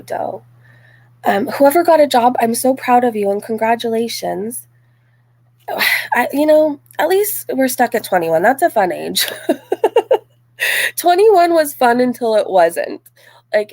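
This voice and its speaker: A woman in her forties chats her way through viewer comments on a live stream, mid-pitched with a gravelly, fry-touched voice. She talks loosely, full of "like" and "um". The sound is close and dry, with no room around it. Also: darkish tone, dry recording. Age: 40s. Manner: chatty, frequent "like" and "um", laughs easily. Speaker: live-stream host reading chat. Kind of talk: casual live-stream chat.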